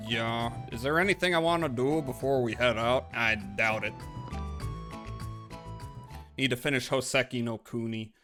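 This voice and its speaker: A man's voice: mid-range voice, measured pace, music in the background. A man live-streaming a game, chatting casually with his viewers in a rambling, profane way. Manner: rambling and profane, talks to chat.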